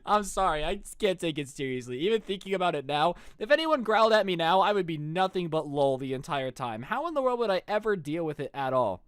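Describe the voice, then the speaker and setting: A young man telling a story on his stream, his fairly high voice swinging widely as he jokes. He talks in slang and throws in disbelieving asides. The recording is dry and close, with no room sound. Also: quick pace, hardly any pauses, clean tone, no room sound. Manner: animated, joking, slangy, with mock-incredulous asides. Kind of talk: casual storytelling on a livestream.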